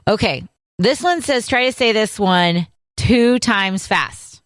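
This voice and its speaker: A woman's voice: medium pitch, animated, slow, dry recording, clean studio sound. A woman co-hosting a podcast, teasing her partner and leading the segment in casual chat. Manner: teasing, upbeat, leads the segment. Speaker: podcast co-host.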